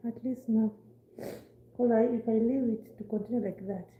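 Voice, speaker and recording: A woman chatting casually on a livestream, repeating herself and slipping between loud remarks and hushed asides. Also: a little high, fairly even intonation, moderate pace. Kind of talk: casual live chat. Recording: tinny phone-like sound.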